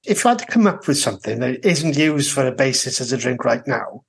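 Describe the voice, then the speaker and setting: A man's voice: mid-range voice, big pitch swings, a little fast, vocal fry. A man co-hosting a podcast, chatting casually with dry, wry remarks and questions. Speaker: podcast co-host. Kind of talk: casual chat.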